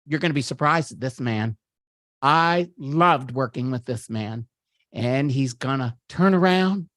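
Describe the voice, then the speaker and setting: A man's voice: mid-range voice, lively intonation, measured pace, a bit bright, dry recording, clean studio sound. A man putting on a campy male comedian's voice while hosting a party and gushing over a photo slideshow. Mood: gleeful, gushing. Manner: gushing, giggly, chatty asides. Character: campy middle-aged male comedian impression. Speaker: party host. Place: virtual party at home.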